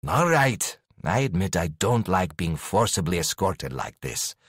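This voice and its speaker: A man voicing a proud, impatient young duke who speaks in a measured, formal way in an audiobook. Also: sits low, big pitch swings, fairly bright tone, husky, no echo, clean studio sound, heavily acted.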